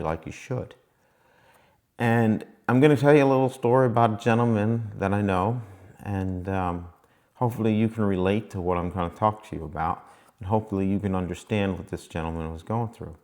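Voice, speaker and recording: Man vlogger, lowish pitch, casual motivational storytelling, repeats himself. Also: brisk, darkish tone. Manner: rambling, folksy, repeats himself.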